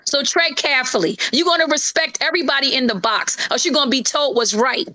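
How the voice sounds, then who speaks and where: A woman's voice: high voice, a little fast, sharp tone. A woman co-hosting a live stream, talking in a fervent, lecturing way. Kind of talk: impassioned live-stream talk.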